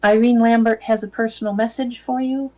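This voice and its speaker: A woman's voice: a little high, fairly even intonation, brisk, a crowd in the background, poor audio. A woman co-hosting a casual livestream chat, giving helpful, matter-of-fact directions. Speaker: co-host.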